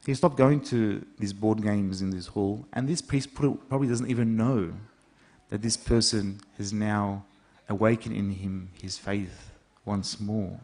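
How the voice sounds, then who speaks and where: A man with a lowish voice delivers a sermon like a chat with friends. He tells stories and acts out what each person said, keeping it relaxed and personal. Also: unhurried. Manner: conversational storytelling, acts out quoted dialogue. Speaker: priest.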